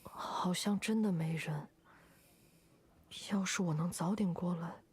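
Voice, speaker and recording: A woman voicing a quiet, soft-spoken young performer in game dialogue, with a breathy voice and a hesitant manner. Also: lowish voice, measured pace, slight background noise, natural voice.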